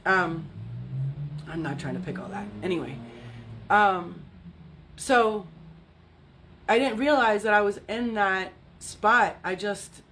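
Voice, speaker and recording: A woman's voice: on the low side, a bit bright, slight background noise. A middle-aged woman, an energy healing and fitness coach, talking candidly and bluntly with plenty of swearing, often checking in with "right?" and "okay?". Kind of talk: candid casual monologue.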